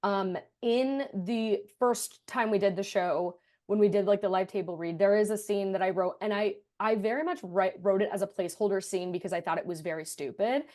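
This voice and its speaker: A woman's voice: medium pitch, fairly quick, few pauses, a little mellow. Young American woman, playwright guest, mid-range voice, laughing self-deprecation. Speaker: writer and creator of the musical. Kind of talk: casual podcast interview.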